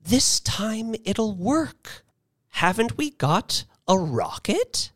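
A man's voice: high-pitched, very animated, very slow, no room sound, studio quality, voice pushed up, full character voice. A man voicing a fragile, desperate old woman in an audio story, who pleads as she clings to hope. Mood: pleading.

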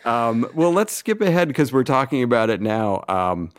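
A man's voice: mid-range voice, sing-song, normal speed. A man from New England hosting a casual podcast chat, laughing often and talking in a loose, rambling way. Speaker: podcast host.

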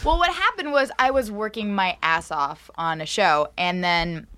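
A woman's voice: medium pitch, normal speed, noisy background. A woman co-hosting a casual podcast, telling a personal story candidly and laughing now and then. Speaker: podcast co-host. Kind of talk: casual chat.

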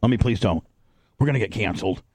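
A man hosting a radio show in rowdy studio banter, loud, coaxing and swearing a lot. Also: on the low side, animated, quick pace, dry recording.

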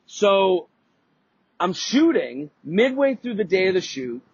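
A man's voice: sits high, very animated, takes it slowly, slightly rough, highs cut off. A man hosting a podcast, telling a casual, rambling story full of swearing and restarts. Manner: rambling, profane, lots of restarts and fillers. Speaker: podcast host.

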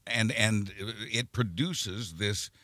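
An emphatic man co-hosts a political talk show in a low, bright, forward voice. He often repeats words while building a point. The sound is close and dry. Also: slow, no room sound. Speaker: podcast co-host. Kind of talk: casual political chat.

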